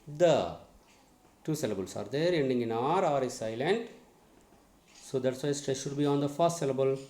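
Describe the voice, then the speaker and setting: A man's voice: mid-range voice, fairly quick, a little mellow. Methodical man teaching in an echoey room. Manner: methodical, repeats "okay" between points. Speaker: English teacher. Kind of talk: recorded lesson on word stress.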